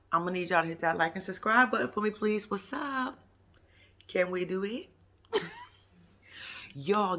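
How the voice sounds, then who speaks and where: A man recapping a TV show to his viewers in lively casual chat, acting out what people said and laughing often. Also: high-pitched, slight background noise. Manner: animated storytelling, acts out quotes in exaggerated voices, laughs often; playful slang, addresses viewers as y'all and baby.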